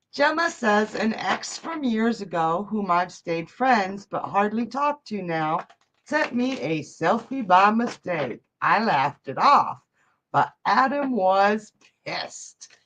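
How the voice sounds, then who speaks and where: Slow-talking emotional psychic woman. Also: mid-range voice, fairly bright tone, a little hiss or hum, rough recording. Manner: emotional, breathy laughs, reads viewer messages aloud. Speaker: psychic medium and card reader. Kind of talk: live-stream reading, casual chat.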